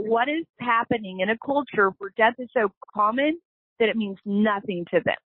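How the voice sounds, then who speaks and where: This is a casual interview where the guest, a woman who founded a company, tells her story in a heartfelt, earnest manner. Her mid-range voice carries no echo, captured on a dry, tinny phone line.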